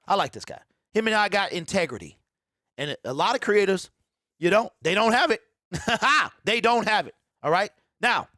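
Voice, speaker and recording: A man with a fairly high voice delivers an animated sports talk monologue. He hammers his points with repetition, and the recording is dry and close. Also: no room sound. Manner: emphatic, repeats lines, mocking quoted voices. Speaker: sports show host.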